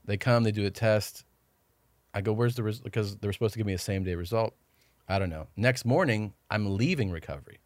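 Low-voiced man telling a rambling story. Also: fairly quick, dry recording. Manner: rambling, swears, acts out quoted dialogue. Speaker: podcast guest. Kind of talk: casual storytelling chat.

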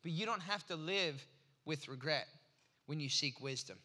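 A pastor in his forties speaks in a slightly high, expressive voice that is bright and forceful, at a moderate pace. He preaches conversationally through anecdotes, dramatizing small exchanges within them.

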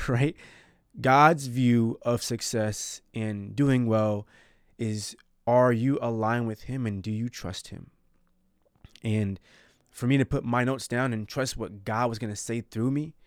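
A man's voice: mid-range voice, clean tone, no room sound, studio quality. A man hosting his own podcast, talking earnestly and a bit rambling about faith and failure. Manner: earnest, rambling, self-reflective. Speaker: podcast host.

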